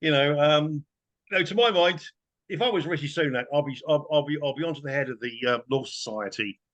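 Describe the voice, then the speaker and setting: Bright-voiced, indignant man. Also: a little high, fairly quick, muffled recording. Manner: indignant, emphatic. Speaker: guest commentator. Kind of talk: casual political chat.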